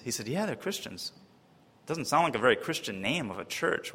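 A man from Wisconsin telling a personal testimony story in a lively way, acting out the voices of the people he quotes. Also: moderate pace, breathy edge. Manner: lively, acts out quoted voices, often pitching up high in disbelief. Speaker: speaker giving a personal testimony. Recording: long reverb of a large hall.

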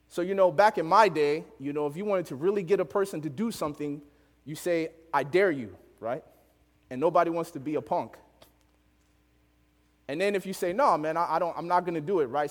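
Young man, preacher, animated storyteller, slightly higher voice, long hall echo. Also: normal speed, long pauses. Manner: animated, laughs often, acts out voices in the story. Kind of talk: storytelling sermon.

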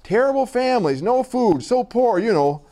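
A beaming orphanage director, put on by a man reading aloud, boasts with eager pride. The voice sits much higher than the reader's own and pushes out with extra force. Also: expressive, moderate pace, warm tone. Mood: proud.

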